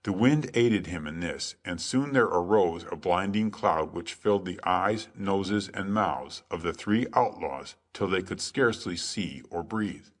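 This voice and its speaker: Low-voiced male storybook narrator. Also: a little slow, few pauses. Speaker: audiobook narrator. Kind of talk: scripted sleep story narration.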